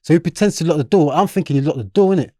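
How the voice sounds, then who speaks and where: A man's voice: fairly high pitch, very fast, no echo, clean studio sound. A young man with a South London accent, a podcast guest telling a story in casual street slang and acting out what others said. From London, England. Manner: animated, street slang, acts out quotes.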